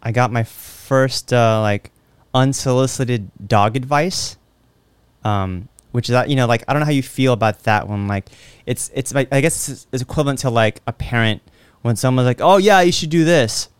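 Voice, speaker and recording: A man's voice: medium pitch, normal speed, clean tone, dry recording. A man hosting a podcast, telling stories in casual chat with plenty of fillers. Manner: animated storyteller who acts out quotes; lots of fillers. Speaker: podcast host.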